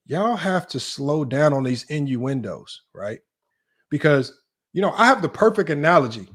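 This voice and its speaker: A young man hosting a casual basketball livestream, reading chat and super chats in an animated, mocking way that jumps high when he's incredulous. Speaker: sports talk livestream host.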